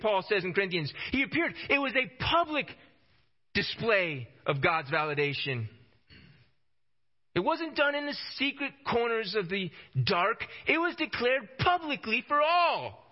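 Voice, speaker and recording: A man's voice: high-pitched, big pitch swings, measured pace. A man preaching a sermon with emphasis, often repeating phrases to drive his points home. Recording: dull lo-fi recording.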